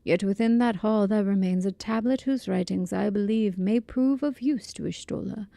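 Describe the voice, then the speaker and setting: A woman's voice: mid-range voice, moderate pace, gravelly, dark tone, no room sound, lightly acted. A woman voicing a mysterious hooded male mage, reading his formal, old-fashioned lines in a put-on accent. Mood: earnest.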